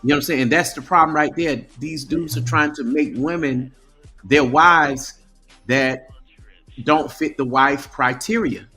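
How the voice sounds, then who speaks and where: A man's voice: a little high, unhurried, pushed and bright, faint music behind. A man talking casually on a live stream, often stammering and restarting his sentences.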